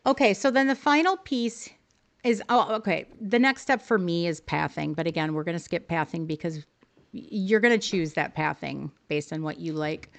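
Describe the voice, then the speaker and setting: A livestream host with a lowish, gravelly voice talks at normal speed while teaching game decorating. Warm and upbeat, she walks viewers through decorating choices and keeps up with the chat.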